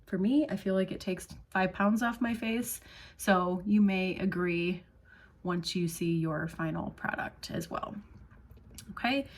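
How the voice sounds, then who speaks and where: Woman, tutorial host; chatty, reassuring step-by-step makeup demo. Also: medium pitch. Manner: chatty, reassuring, checks in with "okay?". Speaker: makeup demonstrator.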